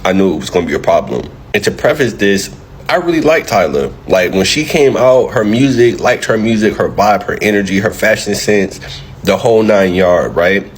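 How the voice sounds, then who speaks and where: A man's voice: fairly low pitch, animated, moderate pace, a little hiss or hum, poor audio. A man hosting an opinion commentary, talking emphatically and repeating his points. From United States. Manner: emphatic, repeats points, tags lines with "right?". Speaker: commentary channel host.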